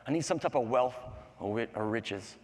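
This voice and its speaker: A man voicing a gloomy, greedy traveler who mutters low and mopey. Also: lively intonation, normal speed, natural voice. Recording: long hall reverb.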